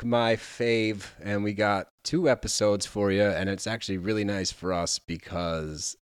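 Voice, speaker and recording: A man co-hosting a casual reality TV recap podcast, talking in animated, mocking bursts. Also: lowish voice, a little slow, hardly any pauses, clean tone, dry recording, clean studio sound, faint music behind. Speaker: podcast co-host.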